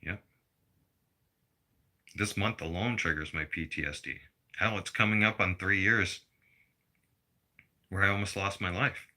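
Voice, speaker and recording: A man's voice: low-pitched, fairly even intonation, unhurried, long pauses, pushed and bright. Blunt, profane man ranting. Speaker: vlogger. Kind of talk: personal rant to camera.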